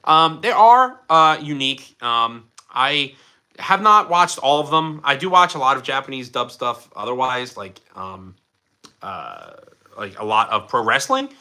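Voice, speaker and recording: Man, from Philadelphia, livestream host, casual chat, very bright voice, animated pitch. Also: a little slow. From Philadelphia, USA. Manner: chatty, enthusiastic, jumps between topics. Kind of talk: casual live chat answering viewers.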